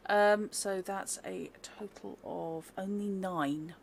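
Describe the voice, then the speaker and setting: A woman's voice: mid-range voice, fairly even intonation, takes it slowly, gravelly, slight background noise. A woman narrating a tabletop game as game master, chatty, with many fillers and laughs.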